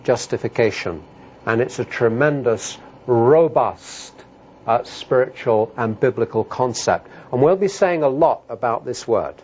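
A middle-aged man preaching a sermon, talking emphatically and building to loud, animated outbursts. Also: mid-range voice, slight background noise. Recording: dull lo-fi sermon recording.

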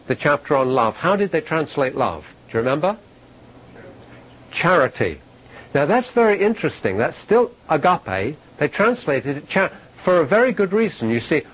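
A man with a husky, rather high voice delivers a sermon-style Bible teaching to a live audience, captured on poor audio. He speaks conversationally, poses questions to his listeners, closes points with "okay?" and repeats key phrases for emphasis.

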